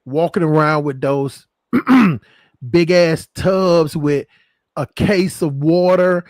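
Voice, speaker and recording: High-voiced man joking crudely on stream. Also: fairly even intonation, slow, a little mellow, dry recording. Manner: crude, joking, laughs often. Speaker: stream host. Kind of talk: casual chat.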